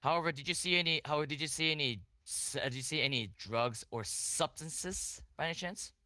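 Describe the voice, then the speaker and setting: A man playing a defense lawyer in a role-play court, cross-examining a witness in halting phrasing with many restarts and repeated questions. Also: a little high, pushed and bright, no echo.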